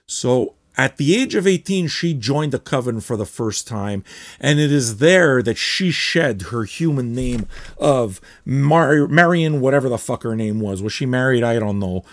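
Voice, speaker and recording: A man hosting a record review show, chatting casually in an excitable, rambling way with frequent swearing. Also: mid-range voice, measured pace, dry recording.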